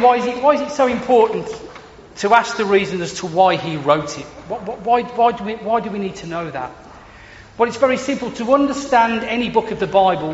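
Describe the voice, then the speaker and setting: A man's voice: sits high, a bit bright. A man preaching a sermon, emphatic, repeating words for stress and asking rhetorical questions. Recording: echoey hall, dull lo-fi sound, faint hiss.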